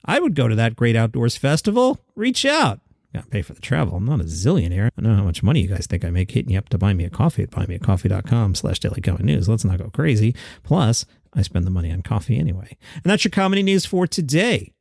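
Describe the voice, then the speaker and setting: A man's voice: on the low side, very animated, fast talker, vocal fry, a little mellow, no room sound, clean studio sound. A man hosting a solo comedy news podcast, reading items with wry, jokey asides. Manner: wry, jokey asides between read-out quotes. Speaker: podcast host.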